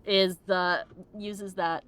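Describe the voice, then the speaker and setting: A woman's voice: mid-range voice, steady tone, very slow, fairly bright tone, smooth. A woman playing a video game for a let's play, chatting casually, giggling and exclaiming often. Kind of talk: casual gameplay chat.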